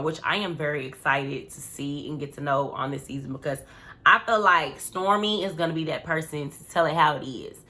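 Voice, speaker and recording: A woman's voice: low voice, sharp tone. Chatty opinionated woman recapping reality TV. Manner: chatty, opinionated, slangy with many fillers. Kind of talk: casual recap commentary.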